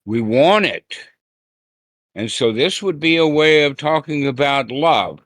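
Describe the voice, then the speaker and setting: Teacher, male, unhurried delivery with a slightly raised pitch; folksy, plain-spoken dharma talk on a call, dry sound. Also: animated, fairly bright tone, no echo. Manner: plain-spoken, folksy, acts out quoted lines. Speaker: Buddhist teacher. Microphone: online call.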